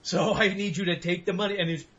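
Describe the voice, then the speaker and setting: Young man, podcast host, fairly high voice, rambling profane storyteller, dull lo-fi recording. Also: fairly even intonation, fast, fairly bright tone. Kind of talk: casual chat.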